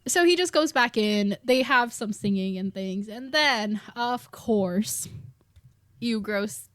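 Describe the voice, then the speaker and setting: A woman guest on a podcast retells a book in loose, casual chat, wandering off on tangents and laughing between phrases. Her voice sits a touch high and sounds close and dry, with no room around it. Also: lively intonation, takes it slowly, a bit bright, no room sound.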